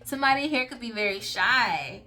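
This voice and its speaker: A woman's voice: on the high side, animated, normal speed, sharp tone. A woman in a casual spiritual reading, talking chattily and rambling, often tagging lines with "okay?" and "like". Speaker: intuitive reader. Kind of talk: casual channeled reading to camera.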